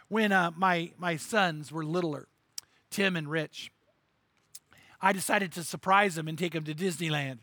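A middle-aged male pastor delivers a sermon in a high, bright voice. He tells stories with energy, slipping into the voices of the people in them. The sound is close and dry. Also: unhurried, no room sound. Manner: animated storyteller, acting out voices in anecdotes.

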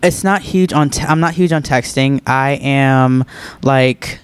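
Taking listener questions on his podcast, this young host keeps things casual and laid-back, with frequent laughter and lots of filler words. He speaks at a medium pitch, unhurried, with a clean tone.

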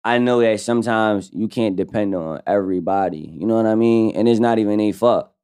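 A man's voice: on the low side, brisk, mellow, clean tone. A man guesting on a podcast, telling stories in a loose, slangy way with lots of fillers. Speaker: rapper guest. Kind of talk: casual podcast storytelling.

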